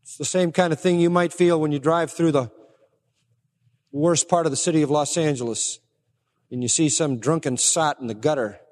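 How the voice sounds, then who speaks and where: Male preacher, high-pitched, emphatic sermon delivery, long hall reverb. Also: a little mellow. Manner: emphatic, swings between raised stresses and low, slow drops.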